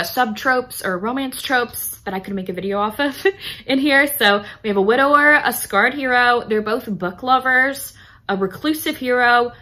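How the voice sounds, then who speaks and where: A woman's voice: medium pitch, pushed and bright. A young woman vlogger chatting enthusiastically about romance books, with lots of fillers. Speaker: book vlogger. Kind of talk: casual book talk.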